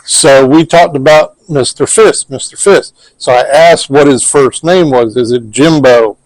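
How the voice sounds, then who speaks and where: A man's voice: medium pitch, measured pace, no echo, rough recording. A man with a mid-range voice retells, question by question, what came through during a session. The sound is dry and close. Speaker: paranormal investigator. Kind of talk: casual storytelling recap.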